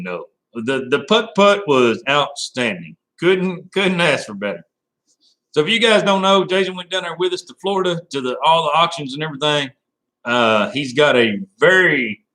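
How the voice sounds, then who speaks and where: A man's voice: fairly high pitch, bright, forceful tone, low-quality recording. A man hosting a casual live stream, rambling and laughing as he talks to viewers by name.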